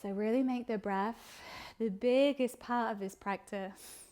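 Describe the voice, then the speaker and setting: Calm woman guiding a yoga flow. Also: fairly high pitch. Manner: calm instructional cueing, slow breath-paced phrasing. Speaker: yoga instructor. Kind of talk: guided yoga class cues.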